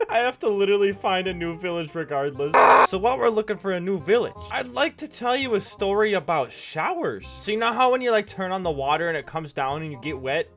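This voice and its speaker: Young man in his twenties, game commentary, gravelly high voice, faint music behind. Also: fairly quick. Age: 20s. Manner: animated joking, laughs often. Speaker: let's play host. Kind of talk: gameplay commentary with comic storytelling. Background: faint background music.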